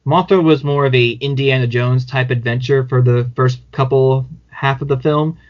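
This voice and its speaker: Rambling man chatting on a podcast. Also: mid-range voice. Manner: rambling, many fillers, laughs often. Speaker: podcast co-host. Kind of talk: casual podcast chat. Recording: dull lo-fi audio.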